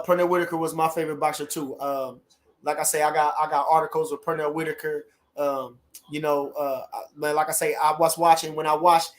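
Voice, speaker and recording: Man, livestream host, middle-aged, high-pitched, animated, casual chat, repeats catchphrases.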